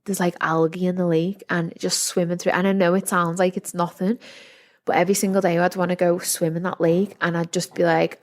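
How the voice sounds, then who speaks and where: A young woman talks through a solo podcast in a low, fairly flat voice. She rambles earnestly, full of fillers and restarts, the tone of a candid personal chat. She records at home in a house set in a forest. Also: a little fast. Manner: rambling, heavy use of "like", earnest. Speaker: podcast host. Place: house in a forest, window open.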